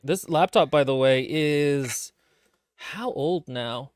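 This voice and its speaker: A man co-hosting a casual book-club podcast stream, talking in quick, joking asides. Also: on the high side, clean tone, no room sound. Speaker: podcast co-host.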